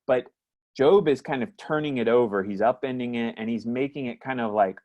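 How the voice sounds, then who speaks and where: A man's voice: medium pitch, brisk, lo-fi sound. Man teaching a Bible class. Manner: reflective, reads scripture aloud then explains. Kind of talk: Bible study lesson over video call. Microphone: video call.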